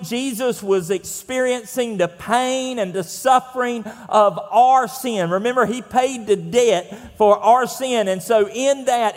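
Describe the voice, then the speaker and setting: Preaching in a large church room whose long reverb follows every phrase, this pastor from the American South keeps things folksy, relaxed, and conversational. He pauses often on fillers, and his voice sits high for a man.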